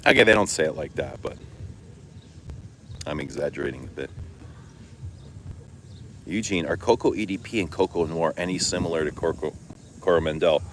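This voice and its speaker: Casting: middle-aged canadian guy, very low voice, loose casual live chat, cusses a lot, faint background noise. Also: normal speed, long pauses, poor audio. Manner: swears freely, laughs, animated storytelling. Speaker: fragrance vlogger. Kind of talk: casual livestream chat answering comments.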